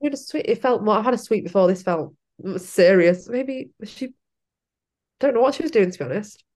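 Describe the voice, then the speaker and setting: A woman's voice: medium pitch, animated, moderate pace, a little mellow. A young woman, telling her own story in a casual interview, laughing often and acting out what she said back then. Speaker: podcast guest.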